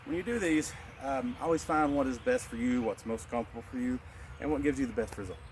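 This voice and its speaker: A man instructing a qigong class in a middle-pitched voice, steady and unhurried as he calls each breath in and out. Faint outdoor ambience hums softly behind him. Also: slight background noise. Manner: calm, cueing breaths and moves. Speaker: martial arts instructor. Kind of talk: guided qigong lesson.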